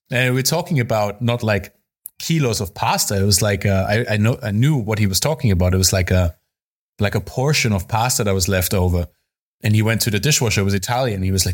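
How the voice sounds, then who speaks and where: A man's voice: fairly low pitch, fairly quick, breathy edge. A man, a chef and podcast co-host, telling a story in casual chat, often laughing and swearing casually.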